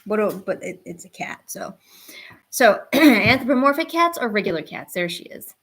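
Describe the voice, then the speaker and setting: A woman's voice: mid-range voice, very animated, normal speed, a bit bright, husky. Chatty woman streaming while drawing. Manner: chatty, talks to her cats and chat. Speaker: art streamer. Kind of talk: casual live-stream chat while drawing. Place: home.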